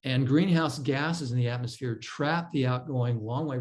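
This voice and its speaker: A man giving an explanatory slide presentation to a club, pausing with fillers and restarting phrases. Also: medium pitch, darkish tone, slight background noise, poor audio. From California. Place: club meeting room.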